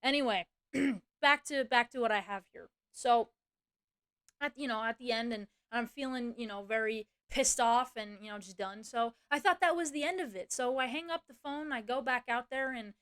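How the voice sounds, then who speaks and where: A woman's voice: fairly high pitch, moderate pace, fairly bright tone, smooth. A young woman streamer chatting casually, rambling through a story and swearing freely. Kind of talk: casual livestream chat.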